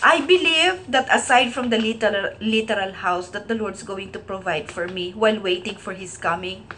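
A woman's voice: mid-range voice, moderate pace, pushed and bright, a little hiss or hum. A woman preaching an emotional sermon, earnest and tearful, crying as she speaks and at times dropping to a whisper. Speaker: Christian preacher.

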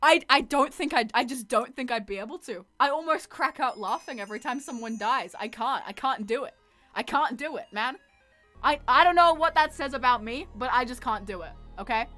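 Excitable, rambling high-voiced woman streamer. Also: fairly quick, soft background music. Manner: excitable, rambling, swears freely. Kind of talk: casual game stream commentary.

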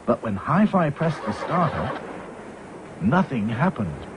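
Lively male storybook narrator. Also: medium pitch, slow. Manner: lively, voices every character himself. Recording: slightly dull with faint hiss.

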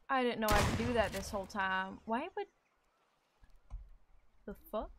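A woman streaming a game live, talking to chat in an excitable, swear-filled way and shrieking when scared, with game music behind her. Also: medium pitch, a little slow, long pauses, background noise. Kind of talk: live gaming stream commentary.

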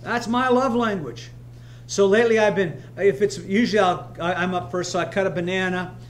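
A man's voice: high voice, fairly even intonation, normal speed, slight background noise. A man pastor preaching a sermon in a church, emphatic and repetitive, weaving in personal stories. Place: church sanctuary, streamed live.

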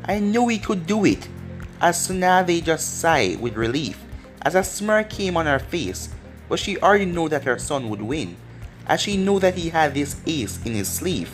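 Fan fiction narration, run-on sentences, animated pitch, faint music behind. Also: normal speed. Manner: run-on narration strung together with "as". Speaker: storyteller. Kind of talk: reading fan fiction aloud.

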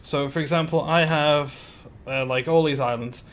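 A man's voice: a little high, steady tone, moderate pace, a little hiss or hum. A man chatting casually on a live stream while building in a game, greeting viewers by name with giggly asides.

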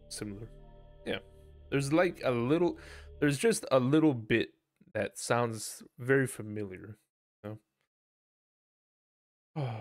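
Casting: unhurried, cursing male streamer chatting with chat, faint music behind. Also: mid-range voice. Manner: profane, animated, bursts of loud laughter. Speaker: game streamer. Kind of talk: casual live-stream chat.

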